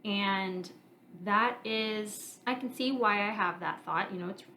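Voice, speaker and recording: A woman's voice: medium pitch, slow, slight background noise, poor audio. Earnest woman thinking aloud on a podcast. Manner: earnest, reflective, talks it through out loud with fillers. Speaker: podcast host. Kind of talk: candid solo podcast monologue.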